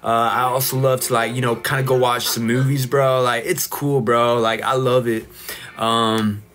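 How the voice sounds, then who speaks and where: A man's voice: mid-range voice, level tone, normal speed, fairly bright tone, lightly acted. Man voicing a young Californian surfer dude, chill and drawling, ordinary mid-range voice. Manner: drawling, full of "bro" and "dude". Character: laid-back young male surfer bro.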